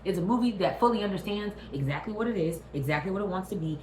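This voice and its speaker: A woman's voice: mid-range voice, fast, slight background noise. A woman hosting her own channel, ranting casually and profanely about a movie while checking in with the viewer. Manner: animated, profane, talks straight at the viewer. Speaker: vlog host. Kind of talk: casual movie review rant. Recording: roomy echo.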